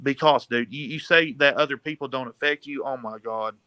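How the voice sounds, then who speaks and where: A man's voice: mid-range voice, fairly quick, sharp tone, no echo. A man venting in an agitated, profane rant, calling people "dude". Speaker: caller venting on a panel show. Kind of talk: emotional rant, casual talk.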